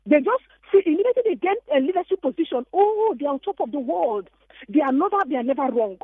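A woman with a Nigerian accent calling into a radio show, telling an animated, emphatic story. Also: high-pitched, fast talker, no room sound. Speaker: caller. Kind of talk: call-in radio comment. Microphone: phone. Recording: tinny phone line.

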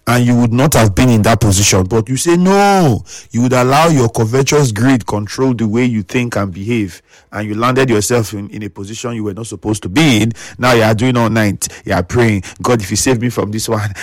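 A man's voice: medium pitch, no room sound, studio quality. A Nigerian man hosting a radio talk show, lecturing his listeners in a scolding, preachy way and mixing in pidgin.

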